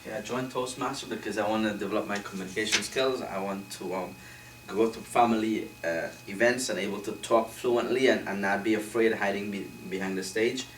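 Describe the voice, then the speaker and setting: A low-voiced man speaking up in front of a group, halting and filling gaps with ums and uhs. He sits far from the mic in an echoey room with a clear hiss behind him. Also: steady tone. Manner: hesitant, many fillers. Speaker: workshop participant. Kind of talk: unscripted answers in front of a group. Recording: distant, echoey, with clear noise.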